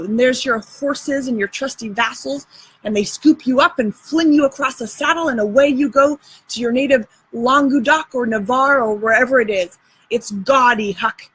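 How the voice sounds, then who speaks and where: Bossy show-off kid lecturing his buddy, drawly folksy talk, kinda high and smooth , lady reading it. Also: fairly bright tone, low-quality recording. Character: boastful boy adventurer, bossy and theatrical.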